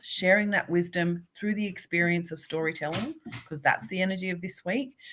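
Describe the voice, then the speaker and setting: A woman's voice: lowish voice, a bit bright. A woman, a spiritual coach, doing a live oracle card reading and speaking encouragingly to viewers by name.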